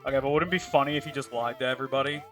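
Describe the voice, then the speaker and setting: A man's voice: medium pitch, steady tone, very fast, a bit bright, soft background music. A man streaming a game live, chatting casually in a profane, joking, rambling way. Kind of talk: casual chat while playing a game live.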